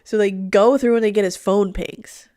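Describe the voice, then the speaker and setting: A woman's voice: medium pitch, steady tone, normal speed, mellow, no echo, clean studio sound. A young woman hosting a live true crime recap in a casual, blunt way, swearing freely, her voice nasal and stuffed up. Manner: blunt, swears often, laughs while talking. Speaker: true crime livestream host.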